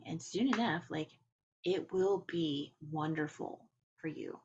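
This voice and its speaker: A woman hosting a podcast, talking in a gentle, encouraging and rambling way as she comments on spiritual topics. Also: low voice, slow pace, husky, lo-fi sound. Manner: rambling, with filler words. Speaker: podcast host.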